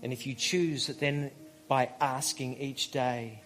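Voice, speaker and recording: A man preaching a sermon as a pastor, conversational, telling stories and pausing for emphasis. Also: medium pitch, fairly even intonation, fairly bright tone, soft background music. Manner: conversational, storytelling, with emphatic pauses.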